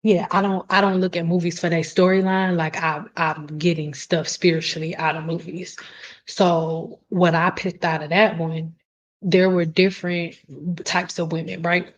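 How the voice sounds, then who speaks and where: Passionate, low-voiced woman, blunt and profane, hosting a live stream over muffled audio. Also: flat delivery, moderate pace. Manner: blunt, passionate, swears freely. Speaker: hair care host answering live chat. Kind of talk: casual live stream chat.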